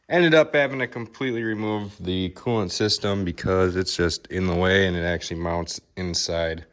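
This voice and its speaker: Man, very low voice, young adult, casual rambling, workshop vlog. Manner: casual, rambling, filler-heavy. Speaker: car fabricator. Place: car workshop.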